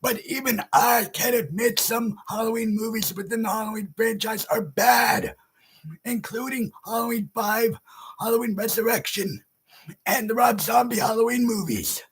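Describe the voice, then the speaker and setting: High, very husky ranting man. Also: moderate pace. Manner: loud, profane, often shouting. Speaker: horror movie reviewer. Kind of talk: ranting video review.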